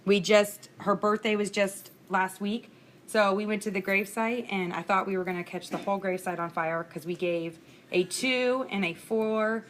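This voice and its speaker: A woman in her thirties, an instructor, gives a casual lecture into a screencast recording mic, candid and chatty and laughing through personal stories. Her voice is mid-range and steady at a moderate pace, with slight background noise.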